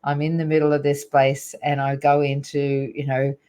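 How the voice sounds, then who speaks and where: A woman's voice: deep voice, little pitch movement, normal speed, warm tone. Earnest middle-aged woman telling a story. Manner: earnest, rambling, heavy use of fillers. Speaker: guest, spiritual teacher. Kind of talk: personal storytelling in an interview.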